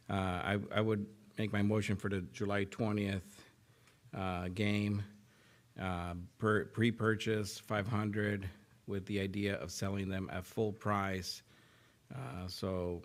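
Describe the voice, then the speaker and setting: A councilman with a low, flat voice makes his motion in a hesitant, halting way and restarts his phrases often. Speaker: council member. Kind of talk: casual remarks in a council meeting.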